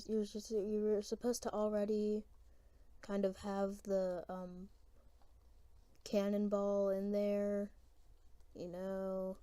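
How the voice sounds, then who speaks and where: Woman, casual gameplay commentator; soft, mellow tone, unhurried and meandering delivery. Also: medium pitch, dry recording. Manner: rambling, hesitant, thinking aloud.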